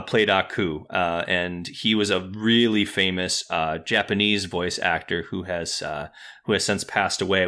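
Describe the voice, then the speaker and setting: A man's voice: low voice, bright, forceful tone. A man in his thirties hosting a podcast, chatting casually and rambling with lots of fillers. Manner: rambling, many fillers and restarts. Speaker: podcast host. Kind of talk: casual chat.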